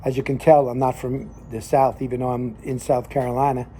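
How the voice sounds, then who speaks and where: A man's voice: medium pitch, little pitch movement, fairly quick, dark tone, a little hiss or hum. An older man from New Jersey with a Northern New Jersey accent, hosting a cigar show and telling a story in a rambling, folksy way with many fillers. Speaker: cigar show host and lay minister. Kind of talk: casual storytelling monologue.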